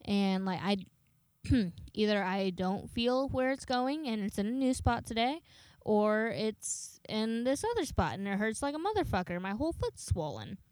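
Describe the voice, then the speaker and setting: A woman's voice: mid-range voice, animated, normal speed, a little mellow, smooth, no echo, studio quality. A young woman casually telling a story, swearing often and acting out the people she talks to. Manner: chatty, swears a lot, dramatic retelling of dialogue.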